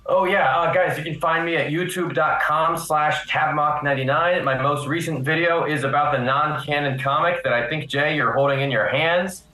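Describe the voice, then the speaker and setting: A man chatting as a guest on a live panel stream, laying out his points calmly. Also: a little high, normal speed, hardly any pauses, echoey room, faint music behind, poor audio. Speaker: guest YouTuber. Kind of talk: casual panel chat.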